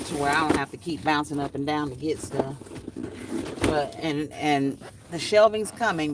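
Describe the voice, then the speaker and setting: A woman's voice: low voice, far from the mic, noisy background. A middle-aged woman, chatting casually on a livestream, reading out comments, laughing often and sounding hot and sweaty outdoors. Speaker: craft channel host. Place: outdoors in summer heat.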